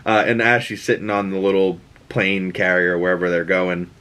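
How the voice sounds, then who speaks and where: A young man with a Boston accent and a somewhat low-pitched voice hosts his own show. He recaps a TV episode in a loose, profane, animated way, ranting as he goes. He breaks into quick voices for the characters he describes. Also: clear, resonant tone. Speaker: show host. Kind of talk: casual TV recap and rant.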